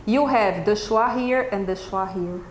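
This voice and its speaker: This teacher trainer is a Brazilian woman whose native language is Portuguese, and she has a Brazilian Portuguese accent. Her voice is mid-range and unhurried as she leads a live pronunciation workshop for teachers in an event room with an audience, checking in with "okay?" after each point. The room echoes, and there's faint noise in the background.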